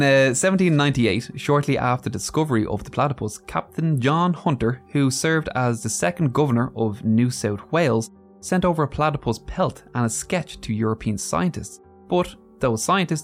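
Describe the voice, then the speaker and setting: A man's voice: mid-range voice, animated, moderate pace, hardly any pauses, soft background music. Casual male podcast storyteller. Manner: reads facts with loose asides and laughs. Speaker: podcast co-host.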